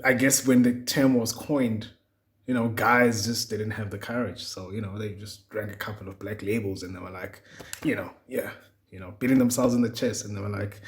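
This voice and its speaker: A young man hosting a solo podcast, rambling casually with plenty of swearing and chuckles. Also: medium pitch. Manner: rambling, profane, chuckling often. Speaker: podcast host.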